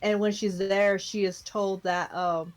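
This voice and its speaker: A woman's voice: medium pitch, fairly even intonation, measured pace. Chatty young woman recapping a show. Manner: chatty, loose storytelling with many fillers and laughs. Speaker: podcast co-host. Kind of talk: casual chat recapping an anime.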